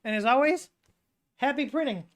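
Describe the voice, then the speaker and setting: A woman hosting a casual live Q&A stream, talking in a relaxed, rambling way with many fillers and restarts. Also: high voice, normal speed. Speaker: livestream host answering 3D printer questions.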